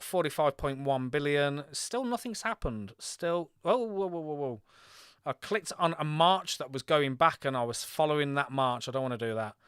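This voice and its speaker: A man from Birmingham talks through a live strategy-game stream, reading scores aloud and chatting with his viewers. His voice is smooth and clean at a middling pitch. The sound is close and dry. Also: fairly bright tone, no room sound. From Birmingham, England.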